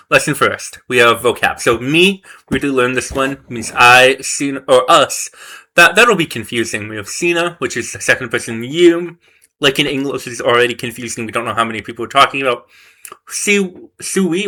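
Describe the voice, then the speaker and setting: A man's voice: medium pitch, pushed and bright. A man studying a language course on camera, reading lessons aloud and reacting as he goes. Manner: thinks aloud, reads course text and reacts. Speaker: language learner vlogger. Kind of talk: casual self-study commentary.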